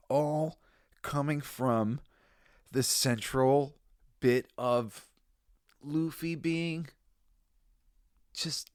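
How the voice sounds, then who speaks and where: A podcast host gives a rambling, profane and emotional review in casual chat, tearful and full of restarts and laughter. His mid-range voice is captured in a dry, studio-quality recording.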